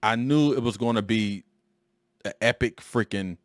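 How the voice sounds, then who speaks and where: Animated storytelling man, dry close sound. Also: lowish voice, a little slow, dry recording. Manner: animated, emphatic, repeats "freaking" for emphasis. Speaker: podcast host. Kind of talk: storytelling monologue.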